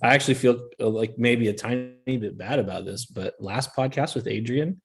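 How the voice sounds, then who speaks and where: A man's voice: medium pitch, normal speed, vocal fry. A man in casual podcast talk, laughing often and explaining things in loose, filler-heavy sentences. His voice sits in a middle range. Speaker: podcast co-host.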